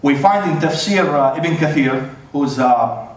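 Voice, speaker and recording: A man giving an opening statement in a debate, halting and full of fillers and restarts. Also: fairly high pitch, animated, a little hiss or hum. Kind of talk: formal debate presentation. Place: large church hall. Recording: very echoey hall, distant mic.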